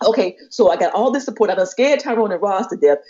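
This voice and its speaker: A woman's voice: mid-range voice, expressive, fast talker, a little mellow. A woman co-hosting a podcast, telling a story expressively, acting out the voices of the people she quotes and laughing often. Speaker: podcast co-host. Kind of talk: animated storytelling chat. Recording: muffled lo-fi podcast audio.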